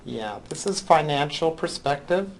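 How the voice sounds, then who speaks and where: A man's voice: fairly high pitch, expressive, unhurried, gravelly, low-quality recording. A man teaching a college class, lecturing with frequent ums and "right?" checks. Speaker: college accounting instructor.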